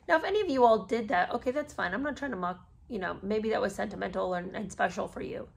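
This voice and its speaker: A fast-talking woman with a creaky, mid-range voice and lively intonation reads a memoir aloud, barely pausing. She's a podcast host and a mother of three who keeps cutting in with sarcastic, incredulous commentary between passages.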